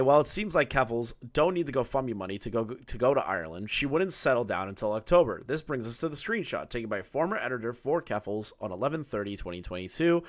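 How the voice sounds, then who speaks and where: Brief: male streamer, sarcastic commentary, lively swinging pitch, dry close sound. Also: no room sound. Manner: sarcastic, reads messages aloud with mocking asides. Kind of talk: casual live-stream commentary.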